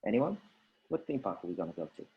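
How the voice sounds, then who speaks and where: A man leading a drama workshop for teachers, coaching lively and demonstrating vocal warm-up drills. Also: deep voice, fast talker, phone-quality sound.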